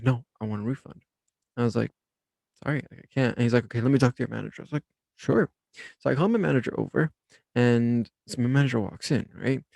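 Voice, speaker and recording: A young man hosts a self-help podcast, his voice gravelly and middle-pitched. He tells his story in a relaxed, rambling manner full of fillers and restarts. The audio is dry and close, without room echo.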